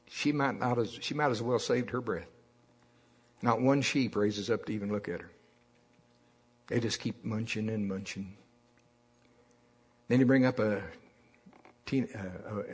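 A man's voice: medium pitch, husky. A man preaching a sermon in a folksy storytelling way, having the congregation repeat lines after him. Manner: folksy storytelling with call-and-response.

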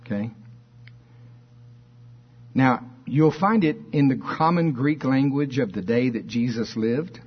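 A man's voice: medium pitch, slow, pauses often, breathy edge, highs cut off. A man preaching a fervent sermon, reading scripture aloud and firing questions at his listeners. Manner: fervent, emphatic preaching with call-and-response questions.

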